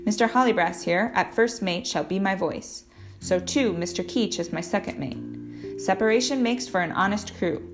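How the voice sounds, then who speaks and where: A woman's voice: mid-range voice, normal speed, close to an everyday voice. A woman reading the part of a cold, contemptuous male ship captain in a firm, commanding voice. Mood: stern. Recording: guitar music playing underneath.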